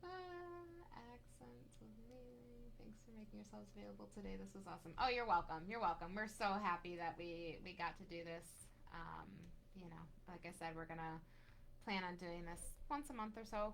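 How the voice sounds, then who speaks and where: A woman's voice: mid-range voice, normal speed, gravelly, a bit bright, a little hiss or hum. A woman co-hosting a casual live question-and-answer session, upbeat as she reads out viewer questions. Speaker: casting director co-host.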